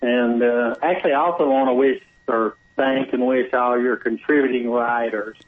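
Male radio caller, husky, muffled phone line, friendly and chatty. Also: mid-range voice, steady tone, normal speed. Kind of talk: casual phone call to radio show. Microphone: phone over Bluetooth.

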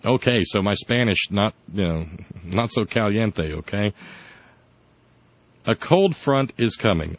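A man's voice: lowish voice, expressive, measured pace, pauses often, no echo. A man hosting a casual political chat show, sardonic and rambling, with many restarts. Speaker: podcast host. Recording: dull lo-fi dry audio.

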